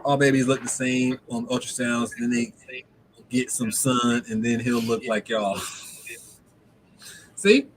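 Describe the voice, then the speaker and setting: A man's voice: mid-range voice, steady tone, takes it slowly, long pauses, slight background noise, rough recording. Laid-back man chatting on a livestream. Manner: laid-back, slangy, reads out viewer comments. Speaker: livestream host. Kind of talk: casual livestream chat.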